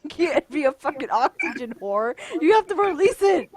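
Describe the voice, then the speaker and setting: Talking at a moderate pace, this woman's high voice is very animated as she hosts a casual voice-call chat with a friend from her bedroom. She's giggly, keeps bursting into laughter, and bosses him around teasingly.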